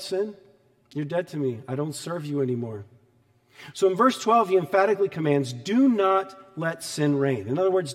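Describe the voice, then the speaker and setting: A man's voice: high voice, darkish tone, in a large hall. A man, a pastor, preaching a sermon in a conversational, storytelling way, with emphatic repetition.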